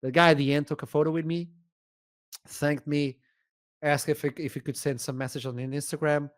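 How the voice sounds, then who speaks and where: A man with a Portuguese accent, an esports shoutcaster telling a story as a podcast guest, animated and acting out the dialogue. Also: on the high side, fairly quick. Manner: animated, acts out dialogue, laughs often.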